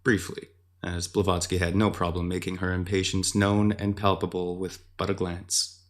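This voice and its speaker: A man with a very deep voice narrates a fantasy story. His delivery is measured and descriptive, like scripted storytelling. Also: little pitch movement.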